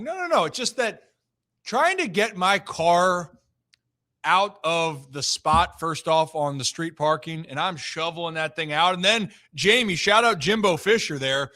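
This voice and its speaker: A man's voice: a little high, lively intonation, a little slow, bright, forceful tone. A young man hosting a sports talk show, ranting animatedly in a casual chat.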